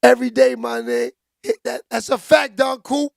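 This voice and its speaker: High, gravelly man shouting out his chat. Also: wildly swooping pitch, moderate pace, dry recording, studio quality. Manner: loud, joking, shouts out chat names. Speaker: livestream host reading chat. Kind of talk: casual livestream chat. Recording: music playing behind.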